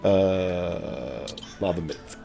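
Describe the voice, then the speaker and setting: Low-voiced rambling game master. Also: male voice, drawn-out words, gravelly, over loud music. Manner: rambling, hesitant descriptions full of fillers. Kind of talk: narrating a tabletop game.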